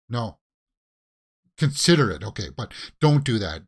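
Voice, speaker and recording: A man's voice: fairly low pitch, very animated, unhurried, pauses often. A man with a Canadian accent hosting a casual watch-along reaction, talking back at the screen with pleading, exasperated asides. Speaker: reaction video host.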